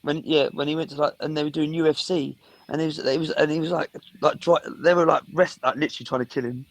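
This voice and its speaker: A man's voice: on the high side, fast, no room sound, low-quality recording. A man, a podcast co-host who tells stories in casual chat and acts out his own reactions. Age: 30s. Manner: animated storytelling, acts out reactions.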